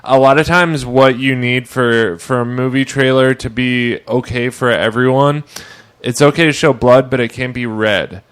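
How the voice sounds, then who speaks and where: A man's voice: medium pitch, fairly even intonation, moderate pace, fairly bright tone, clean tone. A man co-hosting a podcast, talking casually about comic books in a rambling way with lots of fillers. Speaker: podcast co-host. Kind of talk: casual comic book chat.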